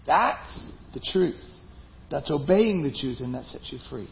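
A man's voice: fairly high pitch, lively intonation, measured pace, vocal fry. A man preaching a sermon as pastor, emphatic and conversational. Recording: dull lo-fi recording.

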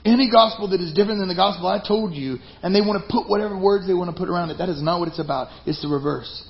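A man preaching a sermon to his congregation, talking conversationally, with some passages loud and emphatic and others dropped to a hushed aside. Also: high-pitched, very fast, vocal fry. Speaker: pastor. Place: church sanctuary. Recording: roomy, slightly dull live church recording with faint ambience.

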